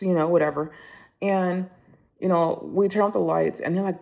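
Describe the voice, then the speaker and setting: A woman vlogging, candidly telling a story about her backpacking trip in a casual, animated way. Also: on the low side, a little fast, vocal fry.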